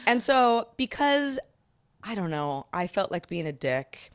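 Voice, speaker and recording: Animated woman telling a story. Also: measured pace, smooth. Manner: animated, acts out quotes in a higher voice. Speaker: podcast co-host. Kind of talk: casual storytelling chat.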